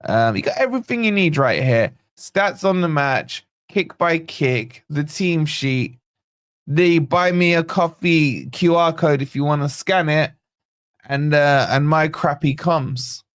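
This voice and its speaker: A man hosting a live football watch-along, calling the play and greeting viewers by name in a chatty, excitable way. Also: on the high side, a little slow, smooth, no echo. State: yawning, tired. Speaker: fan channel host.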